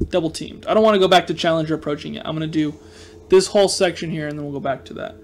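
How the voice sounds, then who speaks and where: Excitable high-voiced young man gaming. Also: quick pace, a little hiss or hum. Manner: excitable, yelps and groans at each shot, self-mocking. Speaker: gaming video host. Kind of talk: casual let's play commentary.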